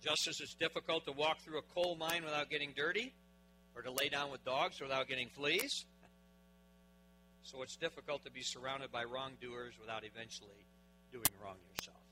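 A man preaching a sermon, dramatic, with big swings in loudness, asking his listeners questions. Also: mid-range voice, fairly even intonation, moderate pace, noisy background.

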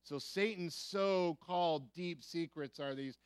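A man's voice: a little high, measured pace, a bit bright, clear, resonant tone, no echo. An American man preaching a sermon as pastor, emphatic, repeating key phrases and asking the listeners rhetorical questions.

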